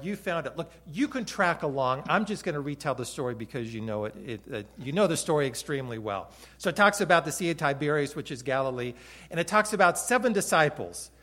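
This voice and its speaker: A man preaching a sermon who retells the story vividly, swinging between loud emphasis and quiet moments. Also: fairly high pitch. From Hawaii. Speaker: pastor.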